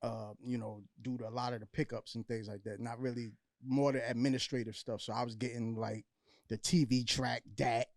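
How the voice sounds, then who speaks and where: A man's voice: mid-range voice, level tone, a little fast, a little mellow, no room sound, studio quality. A man from Brooklyn with a New York accent, telling stories as a podcast guest in a laid-back, slangy way. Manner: laid-back storyteller, street slang like "ill". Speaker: guest filmmaker. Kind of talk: casual interview chat.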